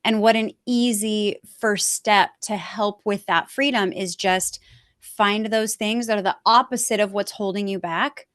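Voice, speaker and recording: A woman's voice: medium pitch, fairly even intonation, measured pace, a bit bright, dry recording, studio quality. Upbeat woman podcast host. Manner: enthusiastic, affirming. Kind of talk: interview hosting with scripted promos.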